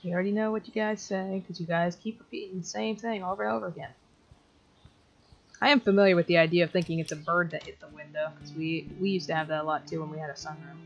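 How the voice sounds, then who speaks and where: A woman's voice: fairly low pitch, steady tone, fast talker, muffled recording. A woman casually commentating her game playthrough in a chatty, self-deprecating way. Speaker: let's play gamer. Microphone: headphones on while playing.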